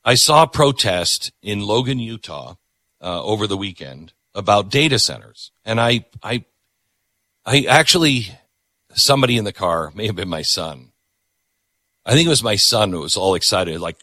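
A man's voice: on the low side, lively intonation, normal speed, pushed and bright, dry recording. A middle-aged man hosting a talk show, giving emphatic, repetitive political commentary.

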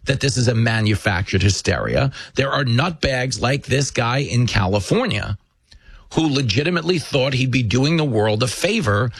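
A man hosting a show, delivering a fast, sarcastic, impassioned monologue of commentary and storytelling. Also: medium pitch, expressive, slightly rough, no echo. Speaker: political commentary host.

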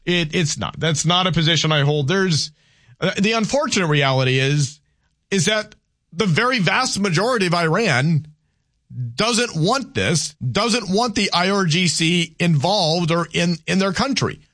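A man's voice: high voice, animated, a little slow, fairly bright tone. A man hosting a talk radio show, giving opinions in a loose conversational monologue and reading listener texts aloud.

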